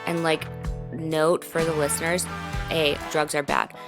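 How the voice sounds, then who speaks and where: Woman podcast host, lowish voice, candid storyteller who swears freely, faint music underneath. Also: little pitch movement, unhurried. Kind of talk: casual storytelling chat.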